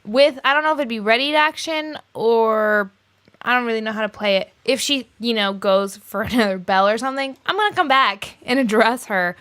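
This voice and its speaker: Female player, higher, bright voice, blunt and sure of herself at the table. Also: a little fast. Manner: blunt and decisive. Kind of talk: casual tabletop game play.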